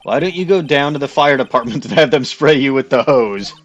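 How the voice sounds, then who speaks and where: A man's voice: mid-range voice, a little fast, highs cut off, faint music behind. Sarcastic man voicing a game playthrough. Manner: sarcastic, deadpan. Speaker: host. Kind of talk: comedic game playthrough voice-over.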